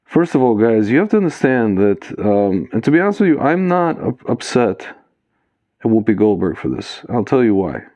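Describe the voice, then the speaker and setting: A man's voice: on the low side, very animated, normal speed, warm tone, no room sound. A man giving casual commentary to his viewers, calling them "guys", with many fillers and a loose, digressive flow. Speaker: video commentator. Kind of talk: casual spoken commentary to camera.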